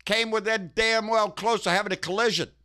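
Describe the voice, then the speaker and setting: A man's voice: high voice, steady tone, a little fast, pushed and bright. A man hosting a casual, ranting political commentary show, profane and folksy, who keeps tagging his sentences with "baby.". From Texas.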